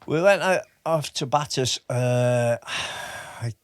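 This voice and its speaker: A man's voice: medium pitch, a little hiss or hum. A man in his fifties, an army veteran, telling stories in a casual interview. He often stops and restarts his sentences. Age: 50s. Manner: halting, with many restarts and fillers. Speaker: podcast guest, army veteran.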